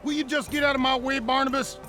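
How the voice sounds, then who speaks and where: A rude country villager, dismissive and impatient, with a very high, sharp voice. He sounds eager to push past anyone in his way. The voice comes from a game. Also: flat delivery, fast, soft background music. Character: rude quarrelsome male villager. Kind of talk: game voice acting.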